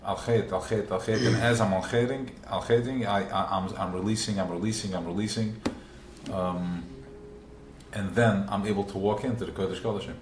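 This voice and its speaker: A man's voice: on the low side, fairly even intonation, brisk, slight background noise. A man leading a live religious class, earnest and repetitive, often acting out inner voices. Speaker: teacher. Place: room with a small group. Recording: roomy live recording.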